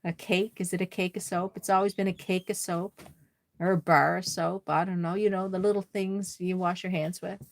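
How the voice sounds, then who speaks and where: A woman's voice: on the low side, flat delivery, normal speed, vocal fry, no echo, clean studio sound. A woman with a Nova Scotian accent hosting a casual craft livestream, chatting with viewers and laughing often. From Nova Scotia, Canada. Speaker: doll-crafting livestream host. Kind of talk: casual livestream chat, reading viewer comments.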